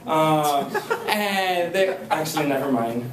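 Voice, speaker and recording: Young male poet at a live reading: slow, even delivery on the poems, loud brash cursing banter in between; captured from far off in a noisy, echoey room. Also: fairly high pitch. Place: indoor reading event.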